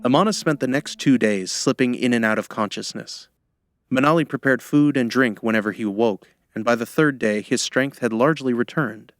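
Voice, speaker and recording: A man narrating a fantasy audiobook in a measured, steady storytelling style. His voice sits in an ordinary middle pitch. The sound is close and dry, with no room around it. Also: no room sound. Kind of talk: scripted narration.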